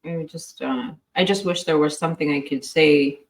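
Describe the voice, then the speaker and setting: A woman's voice: deep voice, moderate pace. A tired woman co-hosting a late-night livestream, chatting in a rambling, supportive way. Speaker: livestream co-host. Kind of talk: casual livestream chat.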